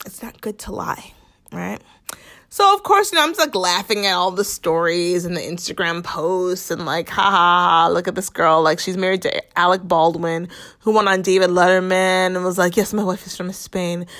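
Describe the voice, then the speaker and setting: A woman's voice: fairly low pitch, moderate pace, fairly bright tone. A young woman hosting a casual commentary podcast, chatty and sarcastic, full of "like" and mock quotes of others. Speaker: podcast host.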